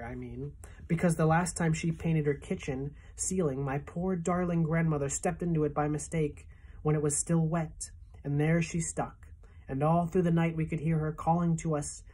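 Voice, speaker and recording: Storybook lady spider, fussy and chatty, husky low tone; woman reader doing her. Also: darkish tone.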